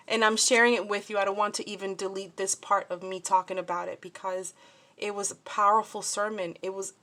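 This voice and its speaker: A woman's voice: mid-range voice, fairly bright tone. A woman chatting casually as she shows off a handmade craft project, talking in a scattered way with many fillers and restarts. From New Jersey, USA. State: upset and shaken. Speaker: crafting vlogger. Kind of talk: casual crafting show-and-tell.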